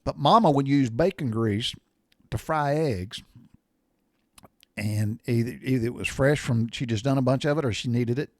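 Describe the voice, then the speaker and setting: A man's voice: mid-range voice, normal speed, a little mellow, dry recording, studio quality. An older man, telling rambling, folksy home stories with mild cussing. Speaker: storyteller sharing memories. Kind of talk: casual storytelling monologue.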